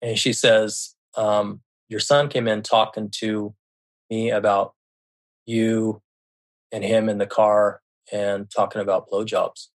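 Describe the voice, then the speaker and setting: A man's voice: fairly low pitch, little pitch movement, slow. A man from Seattle telling a personal story as a podcast guest, retelling conversations with frequent restarts and occasional swearing. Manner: emotional retelling with frequent restarts, quotes himself and others; swears when upset. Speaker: podcast guest, left-behind parent.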